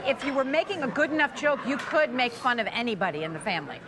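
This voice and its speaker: A woman's voice: sits high, sing-song, over a noisy crowd. A woman comedian talking in an interview, thoughtful and reflective. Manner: quick, thoughtful, with fillers and restarts. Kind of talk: interview talk.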